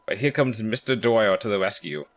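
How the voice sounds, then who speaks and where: Man, streamer, casual game commentary, low voice, chatty, profane. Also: brisk. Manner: chatty, profane, self-deprecating.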